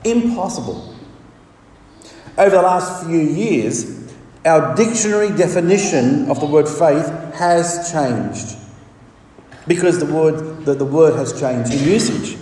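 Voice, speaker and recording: A man's voice: on the high side, animated, warm tone. Emphatic preacher man in an echoing hall. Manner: emphatic, measured preaching with dramatic pauses. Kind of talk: sermon. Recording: reverberant hall, distant mic.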